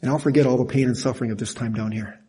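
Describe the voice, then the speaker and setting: An older man preaching a sermon in a folksy, animated way, laughing at himself now and then. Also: medium pitch, racing, a little hiss or hum. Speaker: pastor.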